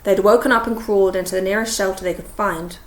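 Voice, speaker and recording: A woman reading an audiobook in steady storytelling narration. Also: mid-range voice, fast talker. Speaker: audiobook reader. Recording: echoey room.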